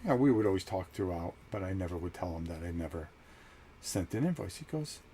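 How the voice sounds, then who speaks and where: A middle-aged man with a somewhat low voice hosts his own channel and tells a personal story in a loose, rambling way. He slips into the voices of the people he quotes. A faint hiss sits under his voice. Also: a little fast. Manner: animated, acts out quoted conversations. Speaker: channel host. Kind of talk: casual storytelling monologue.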